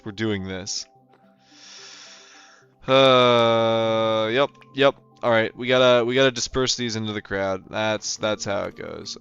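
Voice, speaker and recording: Rambling low-voiced streamer guy. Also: creaky, a bit bright, clean tone. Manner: rambling, chatty, with many fillers and restarts. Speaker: livestreamer. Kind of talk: casual livestream chat. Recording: dull lo-fi sound with faint music behind.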